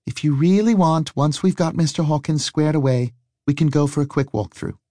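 A man doing a brisk, wry woman. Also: fairly high pitch, mellow, no room sound, studio quality, voice pushed up, close to an everyday voice. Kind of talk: audiobook character voice.

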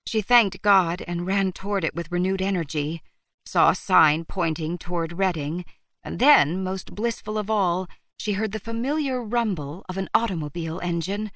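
A woman reading a novel aloud as audiobook narrator, in a steady, measured storytelling manner. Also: on the low side, no echo. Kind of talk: scripted narration.

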